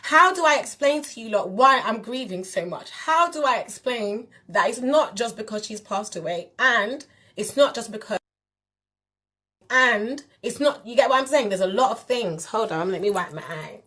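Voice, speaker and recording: A woman's voice: fairly high pitch, lively intonation, moderate pace, bright, forceful tone. Woman, spiritual teacher, candid vlog monologue, direct and emphatic. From England. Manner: direct, emphatic, addresses viewers as "you lot".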